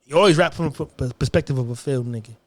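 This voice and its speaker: A man's voice: medium pitch, rapid-fire. A man delivering a heated, confrontational monologue, hammering points through repetition. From United States.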